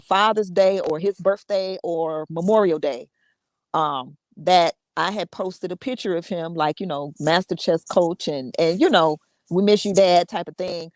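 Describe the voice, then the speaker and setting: Slow-talking woman telling a story. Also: lowish voice, a little mellow, no room sound. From United States. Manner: conversational, repeats words, laughs often. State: emotional, fighting tears. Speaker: podcast host. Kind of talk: personal storytelling.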